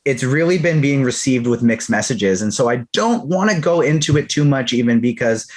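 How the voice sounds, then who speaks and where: A man's voice: medium pitch, animated, moderate pace. A man from Canada, a podcast co-host, chatting animatedly about a TV episode in a casual review. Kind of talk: casual pop-culture review chat.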